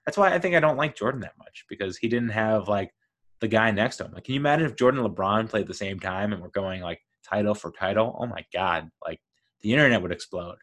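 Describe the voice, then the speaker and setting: Male podcast host, fairly low voice, excitable and rambling solo talk. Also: fast. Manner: enthusiastic, rambling, lively storytelling.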